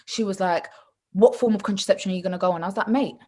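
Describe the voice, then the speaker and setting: A woman's voice: mid-range voice, very fast. A young woman chatting casually on a podcast, telling stories animatedly and acting out what others said. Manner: animated storytelling, laughs often, acts out quotes. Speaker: podcast co-host. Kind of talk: casual chat.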